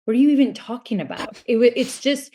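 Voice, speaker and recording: A woman's voice: on the high side, quick pace, mellow. A woman guest on a podcast in casual chat, telling her side of events in a chatty way and filling her talk with "like". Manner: chatty, filler-heavy storytelling.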